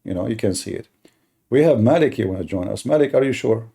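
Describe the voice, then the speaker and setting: A man hosting a heated live-stream debate, mocking and combative, speaking as a with halting restarts. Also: lowish voice, expressive, gravelly, dark tone, breathy edge. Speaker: livestream debate host.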